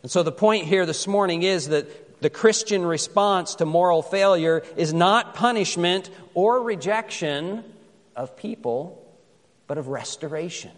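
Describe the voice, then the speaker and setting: Pastor with a high voice in an echoing hall. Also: male voice. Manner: conversational storytelling, slow deliberate scripture reading. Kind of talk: sermon.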